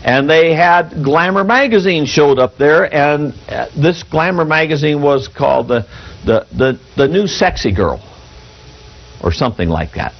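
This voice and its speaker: A male pastor preaching a sermon from the pulpit in a folksy, halting way, reading an article aloud to the congregation. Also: on the high side, expressive, creaky. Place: church pulpit. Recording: dull lo-fi church recording.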